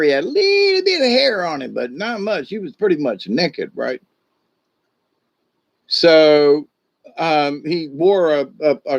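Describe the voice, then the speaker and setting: In a dull, dry lo-fi recording, a man with a voice on the high side relates a folk tale in a loose, spoken way. He's a shaman, and his telling wanders, full of restarts and repeated "you know"s.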